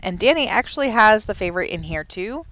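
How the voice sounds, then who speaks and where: A woman calling simulated horse races from home, excited during the race and chatty and rambling between races. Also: mid-range voice, a little fast, slight background noise. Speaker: race caller and host of a horse racing simulation show. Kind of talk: horse race commentary and casual chat. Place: home, with a dog nearby.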